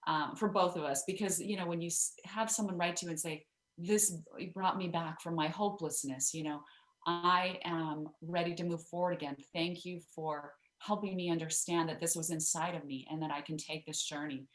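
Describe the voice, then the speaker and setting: A chatty woman guest on an interview show, her voice sitting a little low for a woman. She talks freely with plenty of fillers and restarts. The sound comes through roomy and echoey. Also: steady tone, normal speed. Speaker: guest author. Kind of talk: interview storytelling.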